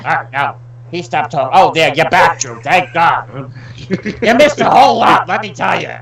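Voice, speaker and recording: A man's voice: on the high side, lively intonation, normal speed, fairly bright tone, reverberant, distant mic, rough recording. A man co-hosting a casual online show, riffing crude comedic bits with mock outrage.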